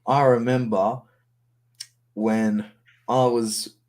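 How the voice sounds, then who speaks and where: A young man with an Australian accent, a guest on a video call, telling a relaxed story and laughing along. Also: mid-range voice, extremely slow. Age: young adult. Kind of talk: casual chat on a video call.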